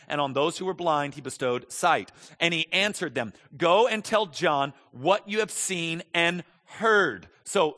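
A man preaching a sermon in an animated, conversational way, moving between quiet asides and loud, emphatic stretches. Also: on the high side. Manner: conversational, with frequent restarts. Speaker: pastor.

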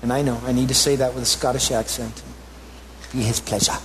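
A man preaching a sermon as a pastor, animated and rising to emphatic peaks, with conversational asides to the congregation. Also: mid-range voice, fast, slight background noise.

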